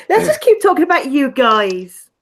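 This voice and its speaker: A woman's voice: high-pitched, a little hiss or hum. A woman joining a casual live-stream chat over a voice call, making crude jokes. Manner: crude, joking.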